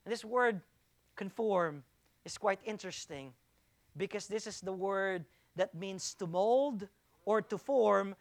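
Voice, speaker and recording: A man's voice: sits high, slow. A man preaching a sermon as pastor, stressing points by repeating phrases while the congregation answers him.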